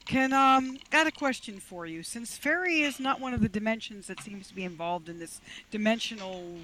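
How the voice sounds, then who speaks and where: A woman's voice: a little high, moderate pace, fairly bright tone. A woman playing in a tabletop game, casual and urgent, often laughing. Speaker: player.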